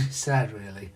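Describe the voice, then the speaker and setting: A man's voice: mid-range voice, darkish tone. A man from the UK hosting a hobby channel, chatting casually with viewers while unboxing parts, self-deprecating and laughing often.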